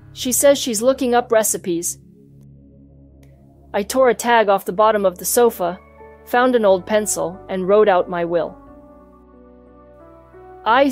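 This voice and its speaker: A woman reading a children's storybook aloud in an even, clear storytelling manner, voicing the hamster who narrates his own adventure. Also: on the high side. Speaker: storybook reader. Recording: soft music behind the voice.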